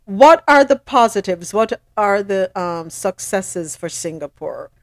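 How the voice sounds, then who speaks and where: A woman co-hosting a podcast, asking measured questions in a casual discussion. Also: medium pitch, expressive, no echo. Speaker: podcast co-host.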